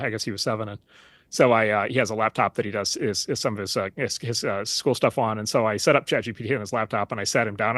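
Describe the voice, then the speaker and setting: A middle-aged man talking fast and loosely as an interview guest, full of fillers and restarts. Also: mid-range voice, a bit bright, no room sound. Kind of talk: casual interview talk.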